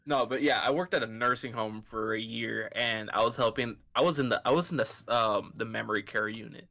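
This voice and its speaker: A man's voice: medium pitch, a little fast, vocal fry. A man co-hosting a podcast, telling stories with lots of laughter in casual chat. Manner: laughing, expressive storyteller. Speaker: podcast co-host.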